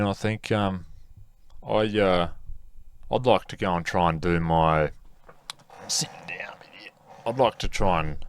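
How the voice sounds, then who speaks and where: A man's voice: sits low, no room sound, studio quality. A young man hosting a podcast, talking casually and rambling with lots of fillers. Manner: rambling, laid-back, many fillers. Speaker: podcast host. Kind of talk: casual solo podcast chat.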